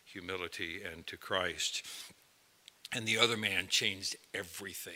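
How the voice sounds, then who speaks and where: A man's voice: deep voice, steady tone, unhurried, pushed and bright. A male pastor giving a sermon, talking conversationally and addressing his listeners directly. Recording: long hall reverb.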